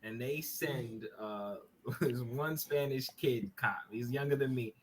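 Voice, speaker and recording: A man with a New York accent, a podcast guest telling a story from his bedroom over a webcam, animated and swearing, laughing as he goes. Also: medium pitch, slow, slight background noise. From Brooklyn, New York. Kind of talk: casual podcast chat, storytelling. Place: bedroom at home.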